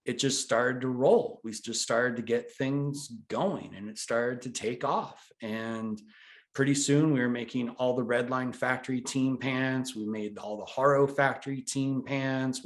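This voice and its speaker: A man in his forties, telling his story with animated, casual energy as an interview guest. His voice sits at an ordinary middle pitch. He talks loosely and now and then lets a swear word slip. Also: measured pace. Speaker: interview guest, brand founder.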